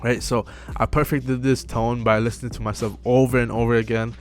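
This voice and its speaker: A young man giving casual self-improvement advice to camera, relaxed and full of fillers, often checking in with "right?". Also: mid-range voice, a little fast, faint music behind. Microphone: close mic.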